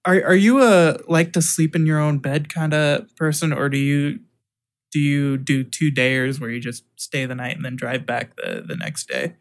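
A man's voice: a little high, steady tone, normal speed. A man co-hosting a casual podcast, chatting about gigs with hesitant, dry asides.

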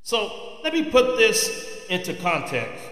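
Angry male podcaster, slow deliberate rant, roomy reverb. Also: sits high, big pitch swings, a bit bright. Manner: angry, ranting. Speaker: podcast host. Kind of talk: political commentary monologue. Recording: roomy echo with long reverb.

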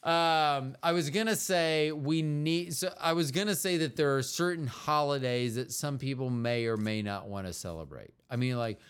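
A man's voice: mid-range voice, moderate pace, few pauses, fairly bright tone, clean tone. A man from the United States co-hosting a casual podcast with his partner, rambling and trailing off as he talks. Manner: rambling, meandering, trails off often. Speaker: podcast co-host. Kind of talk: casual chat.

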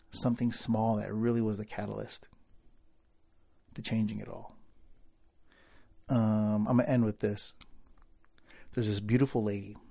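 A man telling a personal story to a crowd, acting out the people in it and swinging from quiet asides to loud bursts. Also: lowish voice, vocal fry. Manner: animated storyteller, acts out voices of people in the story. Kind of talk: storytelling speech.

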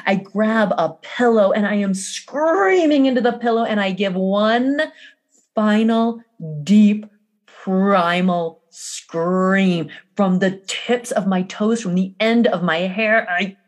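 A woman coach talking slowly and deliberately through an intense personal story. She leans on repeated phrases and long dramatic pauses. Her pitch sits in a middle range for a woman. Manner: emphatic, repetitive, dramatic pauses. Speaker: energy coach.

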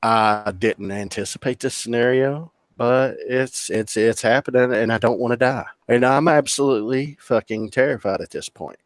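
A man's voice: mid-range voice, normal speed, hardly any pauses, no room sound. A man telling a personal story in casual conversation, candid and emotional, with plenty of swearing. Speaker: podcast guest.

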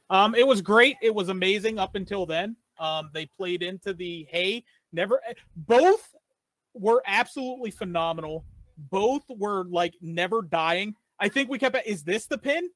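A man with a fairly high voice, recorded dry and close. He co-hosts a casual talk show and talks in an animated, rambling way. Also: moderate pace, no echo, poor audio. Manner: animated, rambling, with many fillers and restarts. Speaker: podcast co-host. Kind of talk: casual wrestling chat.

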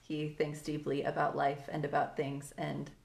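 A woman's voice: deep voice, completely flat delivery, moderate pace, creaky, a little mellow. A young woman co-hosting a casual podcast from home, a chatty storyteller who laughs often. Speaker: podcast co-host.

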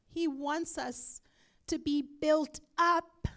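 A woman's voice: high voice, steady tone, slow, gravelly. A woman pastor preaching a sermon and leading prayer with fervent feeling, dropping now and then into whispered pleas. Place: church.

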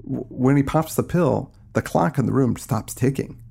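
Gravelly, husky-voiced man chatting eagerly. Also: medium pitch, normal speed, mellow. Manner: enthusiastic, conversational, with frequent restarts. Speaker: podcast co-host. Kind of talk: casual podcast book discussion.

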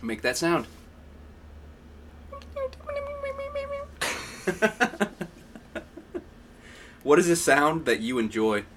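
A man's voice: medium pitch, lively intonation, moderate pace, hardly any pauses, background noise. A man hosting a casual chat, reading out prompts in an amused way and laughing often. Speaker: podcast host. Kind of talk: casual question-and-answer chat.

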